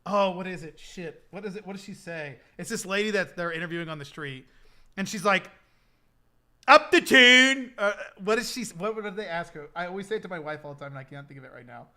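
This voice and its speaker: A young adult man hosts a live stream for a game server giveaway, chatting casually and rambling with lots of filler words. His voice is high and sharp, and he talks fast.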